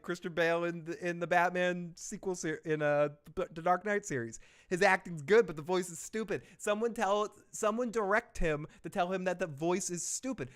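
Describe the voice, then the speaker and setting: This man's voice is slightly high, a bit bright and clean. He's hosting a casual live stream reviewing a TV episode, rambling and joking while reading viewer messages and laughing a lot.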